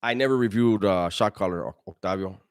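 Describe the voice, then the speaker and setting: A man's voice: fairly low pitch, fairly quick, dry recording, clean studio sound. A middle-aged man hosting a live stream, reading and answering chat in blunt, profane street slang with frequent restarts. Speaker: livestream host answering chat.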